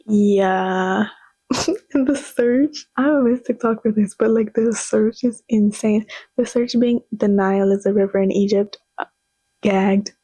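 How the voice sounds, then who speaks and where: A woman's voice: medium pitch, steady tone, measured pace, warm tone, husky, no echo, low-quality recording. A young woman in her twenties chatting casually as she reacts to clips, gushing and full of slang. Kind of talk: casual chat.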